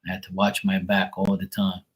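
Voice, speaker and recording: A man's voice: low-pitched, completely flat delivery, brisk, low-quality recording. A man chatting casually on a live tarot stream, blunt and swearing freely. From Bermuda.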